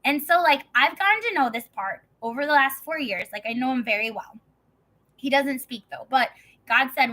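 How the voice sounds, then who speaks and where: A woman's voice: sits high, moderate pace, pushed and bright, rough recording. A young woman in casual storytelling, rambling with lots of "like" and some swearing. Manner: rambling, heavy use of "like", swearing.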